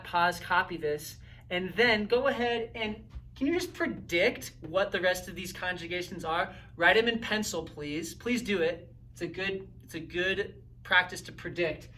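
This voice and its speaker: A man's voice: high-pitched, sharp tone, far from the mic, a little hiss or hum. A man teaching a recorded grammar lesson in an upbeat, coaching way, often checking in with "right?" and "okay?". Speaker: Spanish teacher.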